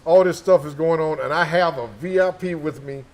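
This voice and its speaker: A man's voice: fairly high pitch, moderate pace, darkish tone. A middle-aged man, a former sniper instructor, telling stories in casual chat, acting out quoted dialogue and repeating names for effect. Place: gun shop.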